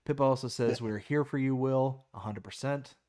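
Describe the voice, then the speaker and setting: A man's voice: mid-range voice, normal speed, mellow. A man hosting a live stream in casual chat, reading viewer comments aloud and laughing easily. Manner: easygoing, laughs often, reads chat aloud.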